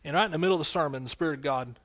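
Middle-aged male pastor, fairly high voice, emotional testimony sermon, hushed then loud. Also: very fast. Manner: emotional, tearful at times, swings between hushed and loud exclamations.

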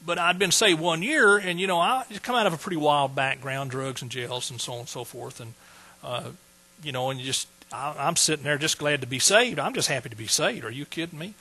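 A man's voice: a little high, brisk, bright, forceful tone, breathy edge, low-quality recording. A man preaching a personal testimony in a folksy, emotional way, close to tears. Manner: folksy, emotional storytelling with fillers. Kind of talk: sermon testimony.

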